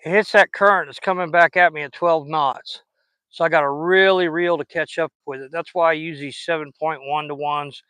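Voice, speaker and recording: A man's voice: a little high, fairly even intonation, moderate pace, bright, forceful tone, clear, resonant tone, no echo. A man, chatting folksy and casual while fishing outdoors on a riverbank and recording on a phone, sweet-talking the fish he catches. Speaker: fishing vlogger.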